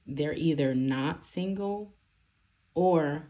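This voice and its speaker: Low-voiced woman giving a rambling tarot reading. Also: drawn-out words, mellow. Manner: rambling, filler-heavy, laughs often. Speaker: tarot reader.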